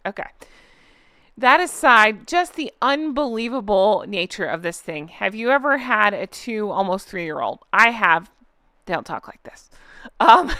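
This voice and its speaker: Southern lady ranting on her commentary channel, kinda high, smooth voice, super dry sound, sarcastic and chatty. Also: pushed and bright, dry recording. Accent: Southern American. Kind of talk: casual commentary vlog.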